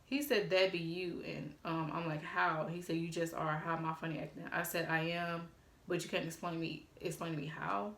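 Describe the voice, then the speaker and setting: A woman telling a casual storytime on her phone, animated and swearing freely as she quotes text messages aloud. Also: sits low, normal speed, creaky, reverberant. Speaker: vlogger.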